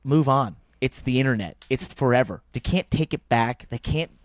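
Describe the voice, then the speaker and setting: A man co-hosting a motorsport podcast in casual chat, rambling and thinking aloud, growing animated when he rants. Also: mid-range voice, normal speed, no echo. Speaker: podcast co-host.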